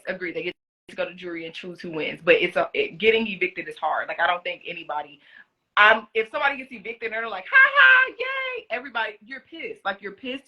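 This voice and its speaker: A young woman in casual live-stream chat, answering fan questions about being a reality show contestant, talking in an animated way with many fillers. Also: on the low side. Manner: chatty, animated, lots of "like" fillers. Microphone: phone.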